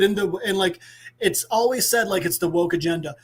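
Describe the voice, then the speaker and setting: A man's voice: high voice, brisk. A man co-hosting a live podcast, recapping a comic in a rambling, crude way with lots of asides. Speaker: podcast co-host presenting a comic segment.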